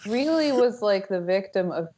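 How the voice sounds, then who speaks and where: A woman's voice: mid-range voice, animated, normal speed, mellow. A woman guest on a podcast over a video call, talking in a drawling, ironic, provocative way. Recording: muffled video call audio.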